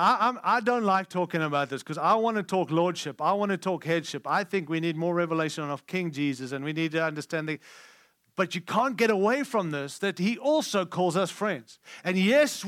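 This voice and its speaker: A man preaching a conference sermon, emphatic and candid, shifting between loud declarations and hushed lines. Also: high-pitched, no room sound, studio quality. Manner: candid and conversational.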